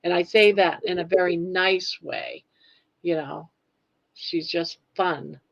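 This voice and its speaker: A woman's voice: on the low side, fairly even intonation, takes it slowly, creaky. A woman co-hosting a casual live chat, easygoing and full of fillers. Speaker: co-host guest. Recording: dull lo-fi audio.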